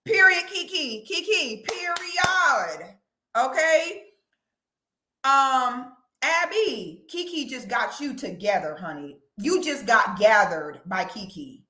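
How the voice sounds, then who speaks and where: A woman doing casual reaction commentary, sassy and animated. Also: sits high, slow pace, reverberant. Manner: sassy, animated, breaks into loud laughing shrieks. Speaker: commentary vlogger.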